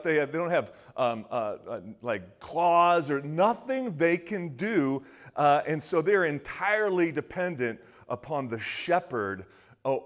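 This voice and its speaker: A man preaching a sermon in a casual, conversational way, asking his listeners questions and dropping low and quiet when he quotes. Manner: conversational, asks the audience questions. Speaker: pastor.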